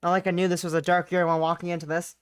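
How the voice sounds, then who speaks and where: A woman with a fairly low voice chats casually through a game stream. She reacts with loud, mock-outraged bursts and plenty of swearing. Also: little pitch movement, rapid-fire, clear, resonant tone.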